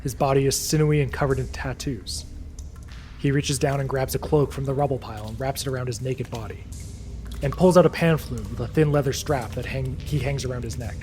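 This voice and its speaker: A man's voice: medium pitch, steady tone, brisk, a little mellow, faint music behind. A man narrating a tabletop game as dungeon master, with vivid description.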